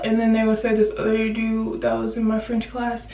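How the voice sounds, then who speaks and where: A woman's voice: fairly high pitch, monotone, moderate pace, vocal fry, dark tone. A young woman chatting playfully through a makeup tutorial, rambling with side jokes. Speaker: beauty vlogger. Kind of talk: casual makeup tutorial chat. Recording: roomy, slightly distant.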